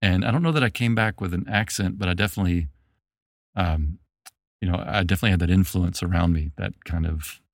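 Deep-voiced laid-back podcast host from Memphis. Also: male voice, fast, no room sound, clean studio sound. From Memphis, Tennessee, US. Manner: rambling, restarts, relaxed. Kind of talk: casual conversation.

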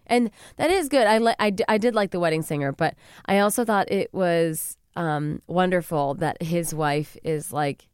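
A woman co-hosting a podcast in casual chat, animated and swearing, acting out the people she quotes. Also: fairly low pitch, moderate pace, clean tone, no echo, clean studio sound. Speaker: podcast co-host.

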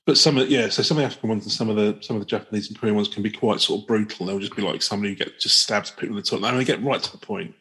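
A man in his forties co-hosts a podcast in a relaxed, meandering way, full of ums and asides. His voice sits on the low side. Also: racing, few pauses. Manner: rambling, jokey, trails off with ums. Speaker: podcast co-host. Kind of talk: casual chat.

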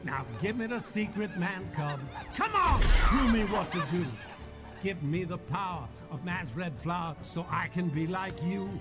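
A man's voice: high-pitched, expressive, a little slow. A man voicing a showy male ape king who croons and scats through a swing number in a musical film. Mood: coaxing, swinging. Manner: jazzy crooning with scat syllables. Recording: film soundtrack with band music.

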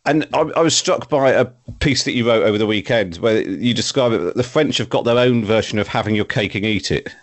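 Low-voiced male podcast host, dry sound. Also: a little fast, hardly any pauses, dry recording. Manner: conversational, rambling questions. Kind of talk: interview questions.

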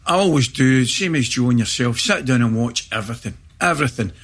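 A middle-aged Scottish man chatting as a guest, spinning animated anecdotes. His voice is bright and forward with a husky edge. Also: mid-range voice, fairly quick. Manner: animated anecdotes with laughter and acted-out shouts. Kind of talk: storytelling in casual chat.

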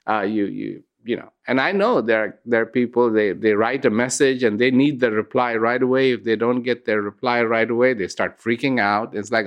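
A middle-aged man giving a reflective inspirational talk, unhurried and storytelling, with sudden lifts in pitch. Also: muffled recording. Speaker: host, speaker.

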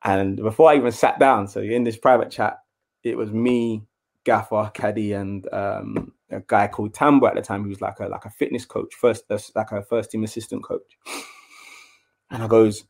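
Young man, casual storyteller, lively and chatty, a former footballer's interview voice. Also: lowish voice, normal speed, creaky. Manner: animated storyteller, acts out quotes in a raised voice.

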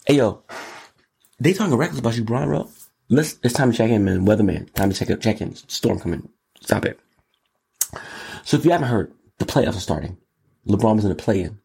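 Lively gravelly-voiced man riffing. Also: lowish voice, fairly quick, pauses often. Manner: exclamatory, riffing, repeats words in runs. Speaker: show host. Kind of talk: animated solo commentary. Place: Los Angeles.

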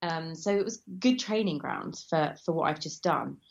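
A woman's voice: low voice, animated, moderate pace, vocal fry, highs cut off. A woman from England, an actress talking casually as an interview guest, chatty and rambling with many fillers and restarts.

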